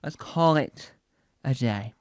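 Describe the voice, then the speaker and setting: A man's voice: mid-range voice, animated, takes it slowly, no room sound. A man with a Northern English accent performing a playful comedy routine, repeating words and singing silly phrases. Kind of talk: audio comedy special.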